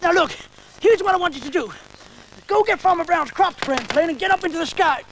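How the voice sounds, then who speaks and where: A man's voice: very high voice, lively intonation, fairly quick, noisy background. A shrieking, frantic trapped man. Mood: exasperated. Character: panicking trapped man pleading with his dog. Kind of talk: children's TV comedy acting.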